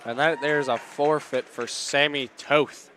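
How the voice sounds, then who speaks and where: A man doing live play-by-play commentary at a school wrestling meet, excitable and rambling, often stopping to apologize. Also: a little high, measured pace. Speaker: play-by-play announcer. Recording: loud gym crowd noise. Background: cheering crowd and shouting coach.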